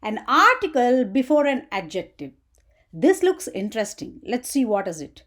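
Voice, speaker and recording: A woman's voice: a little high, big pitch swings, fairly bright tone. A woman teaching an English grammar lesson for children, asking the viewer questions as she goes. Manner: slow, sing-song teaching voice with questions to the viewer.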